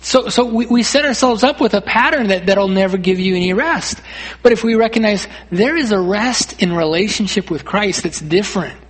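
Pastor, male, high husky voice; earnest preacher, repeats himself, swells to emphatic calls. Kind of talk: sermon. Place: church.

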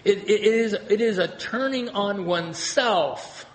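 A man's voice: high-pitched, unhurried, roomy sound. A man preaching a sermon as pastor, talking in a conversational way and often asking the congregation questions.

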